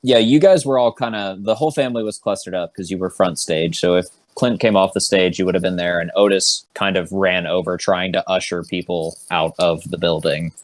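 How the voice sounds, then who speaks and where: A man narrating as game master of an online tabletop game, relaxed, with many fillers and laughing asides. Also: deep voice, brisk, few pauses, no echo.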